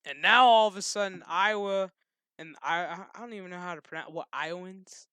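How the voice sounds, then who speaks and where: A man with a high, bright voice rants at length, loose and profane, chuckling between thoughts. His voice comes through smooth and clear on a dry, close recording. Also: animated, a little slow, no room sound. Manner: loose, swearing, laughing. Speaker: channel host. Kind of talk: casual rant to camera.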